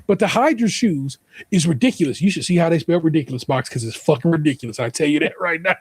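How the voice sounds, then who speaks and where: A man's voice: on the high side, animated, fast talker, slightly rough, no echo. A man with an American accent reading an online post aloud, then joking through profane commentary and spelling out the typos. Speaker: podcast host.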